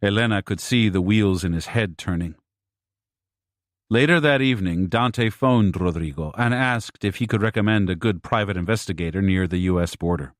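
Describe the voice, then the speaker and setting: A man with a lowish voice reads an audiobook in a measured, even manner. The sound is dry and close, with no room at all. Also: no echo. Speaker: audiobook narrator. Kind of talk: scripted narration.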